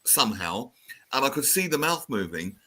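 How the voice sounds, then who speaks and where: A man in his fifties from the south of England hosting a radio show, chatting in an animated way and reading out listener messages. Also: mid-range voice, moderate pace. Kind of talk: casual radio chat.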